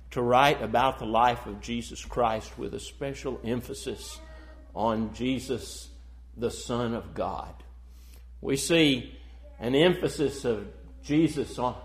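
A man preaching a sermon, reading scripture in a solemn old-style cadence and swelling into emphatic passages. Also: medium pitch. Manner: reads scripture in solemn King James cadence.

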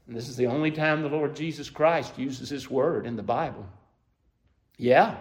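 Male preacher, fairly high voice, emotive storytelling sermon delivery. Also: moderate pace. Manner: emotive storytelling, rising to high excited peaks then dropping soft; asks listeners to imagine scenes.

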